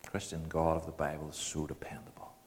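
A man preaching a sermon, animated and shifting between quiet earnest talk and loud mocking asides. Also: a bass voice, a little fast, slight background noise.

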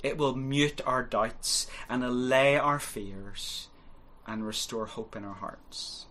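A man's voice: mid-range voice, a bit bright. A man preaching a sermon, earnest and exhorting, pressing his points home with rising and falling emphasis. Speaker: pastor.

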